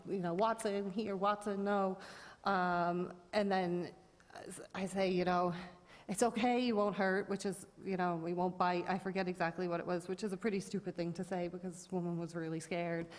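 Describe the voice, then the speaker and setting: Woman telling her side at a town meeting, rambly, lots of likes and ums, echoey hall. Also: lowish voice. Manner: rambling, many fillers and restarts. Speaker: dog owner at a public hearing. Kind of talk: informal testimony. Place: town board meeting room. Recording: long reverb of a meeting room.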